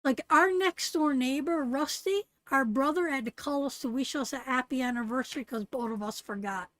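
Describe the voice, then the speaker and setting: A woman's voice: sits high, normal speed, no echo. A middle-aged woman from Canada hosting a live tarot stream, giving blunt, salty pep talks to her viewers. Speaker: tarot reader and host.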